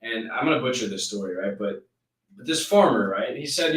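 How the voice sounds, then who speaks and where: A man's voice: medium pitch, lively intonation, moderate pace, a bit bright, echoey room, recorded from a distance, low-quality recording. A man hosting a live stream, giving an intense, preachy motivational rant that rambles with restarts.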